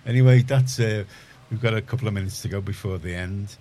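Liverpool man, radio host, very low voice, rambling chatty talk with faint background hiss. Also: fast, dark tone. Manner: rambling, chatty, many restarts. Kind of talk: casual studio chat. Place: community radio studio.

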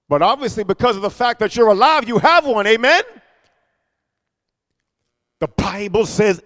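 A male preacher giving an emphatic sermon, calling out for amens and swinging between shouting and hushed asides. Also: sits high, lively intonation, moderate pace, pauses often, big-room sound.

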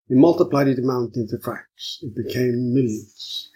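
A man reading a novel aloud as audiobook narrator, in a measured storytelling manner. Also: mid-range voice, mellow, husky, low-quality recording.

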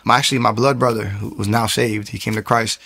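A young man telling his personal testimony in a rambling, animated way, with frequent restarts and acted-out quotes. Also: lowish voice, fast talker, gravelly, slightly rough. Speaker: testimony speaker.

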